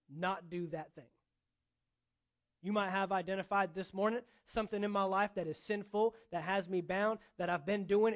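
Male pastor, high voice, preaching with punchy repetition. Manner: emphatic, repeating phrases for effect. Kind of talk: sermon.

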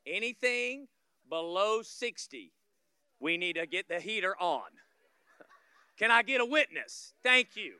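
A man from Florida, preaching a sermon as a guest pastor, telling stories, acting out scenes and building to loud peaks, with humorous asides to the congregation. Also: high-pitched, sing-song, slow pace, long pauses, clear, resonant tone, dry recording, clean studio sound.

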